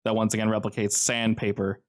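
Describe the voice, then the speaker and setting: A man's voice: fairly low pitch, little pitch movement, brisk. A man running a tabletop role-playing game, describing the scene in a casual, rambling way with frequent fillers. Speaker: game master.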